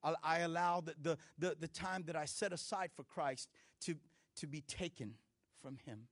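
A middle-aged man preaching a sermon as pastor, conversational and animated, with frequent restarts and playful asides. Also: a little high, moderate pace, dry recording, studio quality.

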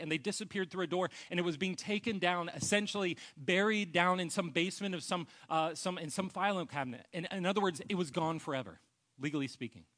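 A male pastor preaching a sermon with earnest personal storytelling, often trailing off into a soft, low voice.

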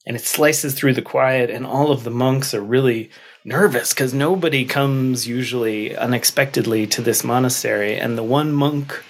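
A man telling an old story and reflecting on it, speaking gently and repeating words for effect. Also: mid-range voice, moderate pace.

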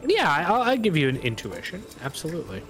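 A man's voice: on the high side, quick pace, soft background music. Man running a tabletop game. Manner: relaxed, hesitant narration with fillers. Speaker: game master.

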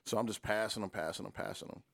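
Animated man telling profane street stories. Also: quick pace, creaky, no echo, clean studio sound. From Detroit. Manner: animated, profane, acts out quotes with big pitch jumps. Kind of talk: casual storytelling.

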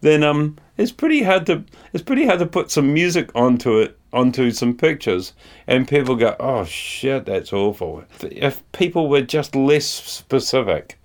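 A man's voice: fairly high pitch, sing-song, normal speed. A man who composes music for ads, talking casually and rambling with many fillers and restarts. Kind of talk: casual conversation.

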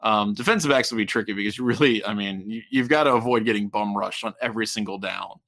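A man's voice: on the low side, fast, a bit bright, no echo. Rambling man, dry mic. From Ohio, US. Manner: rambling, self-correcting, chuckles often. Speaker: podcast co-host. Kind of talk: casual sports chat.

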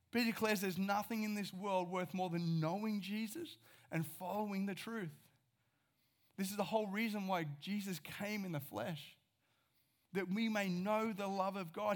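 A man's voice: high-pitched, normal speed. A man, preaching a sermon as pastor and paraphrasing scripture in a conversational way.

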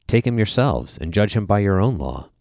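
A man voicing a Roman governor who questions a prisoner, read in a measured way during a scripture reading. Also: fairly low pitch, big pitch swings, vocal fry, darkish tone, dry recording, studio quality, pitched above the performer's own voice. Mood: questioning.

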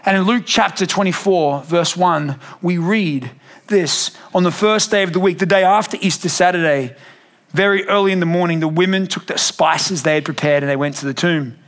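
A man, a pastor telling a lively family story in a sermon and acting out the voices. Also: high voice, normal speed. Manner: animated, acts out family voices.

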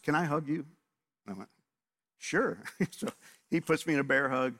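Animated storytelling pastor, man. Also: mid-range voice. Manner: animated storyteller, acts out both sides of conversations. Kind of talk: sermon with storytelling.

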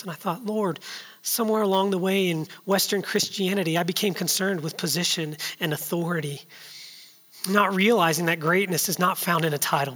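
Man preaching with a bright, high voice. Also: big-room sound. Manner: storytelling, builds from hushed to loud and urgent. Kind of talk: sermon.

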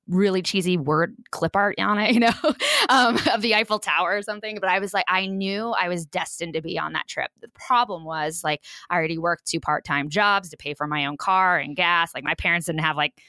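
A woman's voice: fairly low pitch, a little fast, dry recording. A woman in her forties from Kansas, telling her life story in a chatty way, full of fillers, as a guest in an interview. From Kansas, USA. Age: 40s. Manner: chatty, animated, frequent fillers like "you know".

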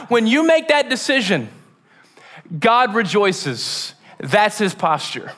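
Bright, animated high-voiced male pastor. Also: takes it slowly. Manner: animated, casual slang, acts out stories. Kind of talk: sermon.

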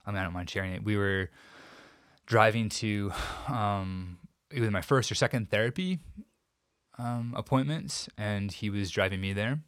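A man as an interview guest, recounting a painful personal story in a reflective, halting way with many restarts. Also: lowish voice, a bit bright, clean tone, no room sound, studio quality.

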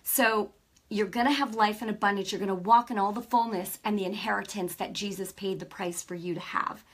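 A middle-aged woman giving a casual faith talk, telling stories with lively energy and often checking in with her listeners. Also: mid-range voice, brisk, slightly rough. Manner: lively storytelling, acts out quoted dialogue; peppers speech with "right?" and "you know". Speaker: Christian speaker.

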